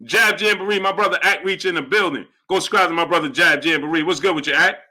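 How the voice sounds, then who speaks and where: Young guy w hosting a boxing livestream, bright punchy voice, keeps repeating himself for emphasis. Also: on the high side, quick pace. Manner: animated, emphatic, repeats lines for effect. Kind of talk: live stream chat, reading Super Chats.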